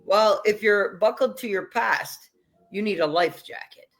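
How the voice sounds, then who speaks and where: A woman's voice: mid-range voice, a little slow. Woman host, casual chat, blunt and punchy, leans on short emphatic lines.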